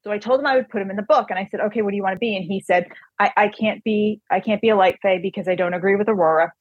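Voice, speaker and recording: Husky woman telling a story. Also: medium pitch, very fast, dry recording, phone-quality sound. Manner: animated anecdote-telling, quoting others. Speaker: author. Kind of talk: casual storytelling chat.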